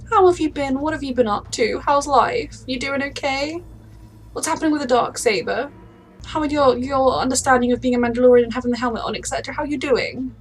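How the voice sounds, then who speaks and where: High-voiced gushing woman reacting to a show. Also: brisk, breathy edge. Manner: gushing, emotional, exclaiming at the screen. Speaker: reaction video host. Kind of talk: casual reaction commentary.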